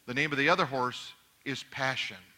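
A man's voice: medium pitch, normal speed, bright, forceful tone. A middle-aged male pastor preaching a conversational sermon, acting out little dialogues from home life.

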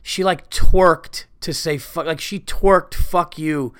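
A podcast host talking in a rambling, profane, self-interrupting casual monologue. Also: male voice, a little high, steady tone, slow, a bit bright, clean tone.

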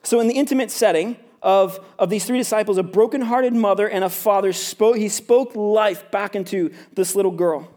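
High-voiced, casual young pastor preaching. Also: male voice, normal speed, few pauses, darkish tone. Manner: conversational, peppered with "right?" and "like". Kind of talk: sermon.

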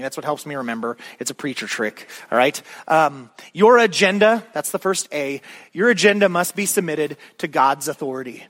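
A man preaching a sermon as a pastor, in a conversational, animated way with frequent "all right?" asides to the congregation. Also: fairly high pitch.

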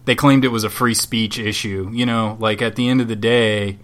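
A man's voice: on the low side, steady tone, moderate pace, a bit bright. A man co-hosting a podcast from Southwest Florida, chatting casually in a rambling, sardonic and profane way. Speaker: podcast co-host. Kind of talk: casual chat.

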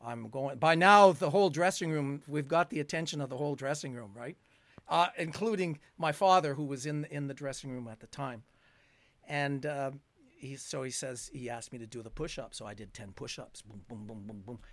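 A man's voice: medium pitch, creaky, fairly bright tone, no echo. An older man, telling a long story as a guest, rambling and chuckling with plenty of fillers. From Canada. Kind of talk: storytelling in a conversation.

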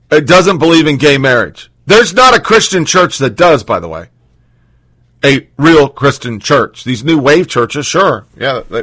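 A man's voice: on the high side, a bit bright. A man hosting a show, in a heated, sarcastic and profane casual political rant. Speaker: host.

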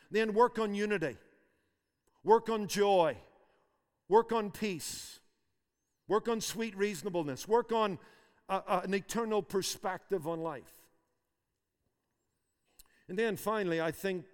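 Male pastor, high-pitched, emphatic sermon delivery, long reverb. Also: darkish tone, clear, resonant tone. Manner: emphatic, repeats phrases for force.

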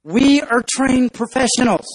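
A man acting out a nerdy male ant leader who gives steady, reassuring commands. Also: very high-pitched, a little slow, breathy edge, pitched above the performer's own voice, exaggerated voice, poor audio.

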